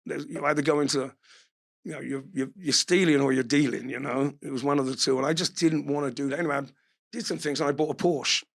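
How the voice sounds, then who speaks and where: A man's voice: a little high, steady tone, fast talker, gravelly. A man, an interview guest telling stories casually, swearing freely and laughing as he talks. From England. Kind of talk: casual storytelling.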